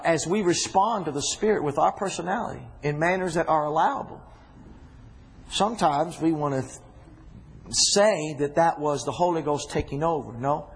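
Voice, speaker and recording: Man, preacher, high voice, animated sermon, shouting bursts, faint background noise. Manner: animated, shouting bursts and conversational asides to congregation. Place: church.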